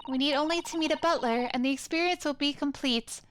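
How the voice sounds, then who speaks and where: A woman's voice: sits high, a little fast, a bit bright, slight background noise, pitched above the performer's own voice. A woman voicing an earnest, polite young male lawyer, over game music. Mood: eager.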